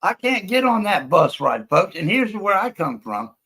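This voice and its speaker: A man's voice: high-pitched, big pitch swings, moderate pace, bright, forceful tone, slightly rough, rough recording. A middle-aged man hosting a livestream, ranting bluntly and profanely with many restarts. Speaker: livestream host. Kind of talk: ranting live commentary.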